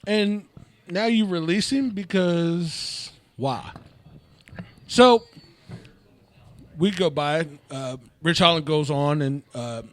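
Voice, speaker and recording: A man on a podcast, talking in an unhurried, laid-back way and leaning on fillers like "you know". His voice is a bit higher than most men's and sounds dry and close to the mic. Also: no echo. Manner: laid-back storyteller, many fillers and laughs, patient pushback. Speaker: podcast co-host. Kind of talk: casual podcast chat.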